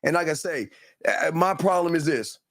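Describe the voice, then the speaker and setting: A man's voice: a little high, lively intonation, moderate pace, fairly bright tone, dry recording, studio quality. A man hosting a show, giving heated, blunt and profane commentary in a ranting, repetitive way. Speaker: host.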